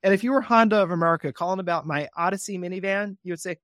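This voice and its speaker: A man being interviewed on a podcast about real estate investing, talking in an animated way and acting out his phone calls in a cheerful voice. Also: sits high, racing, few pauses, no room sound, clean studio sound.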